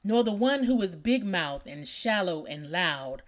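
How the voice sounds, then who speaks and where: A woman's voice: fairly low pitch, lively intonation, unhurried. A woman voicing a kind male master in a read-aloud poem, speaking earnestly and tenderly.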